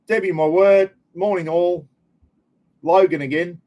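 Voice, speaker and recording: Chatty older Australian bloke hosting. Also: male voice, medium pitch, moderate pace, highs cut off. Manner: chatty, greets viewers by name, blokey slang. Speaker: livestream host. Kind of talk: casual live chat.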